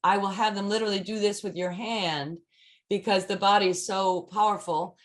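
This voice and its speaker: A woman's voice: medium pitch, fairly even intonation, normal speed. A woman voice and text coach talking casually in an online chat, with frequent fillers as she demonstrates speaking tips. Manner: chatty, many fillers, demonstrates lines.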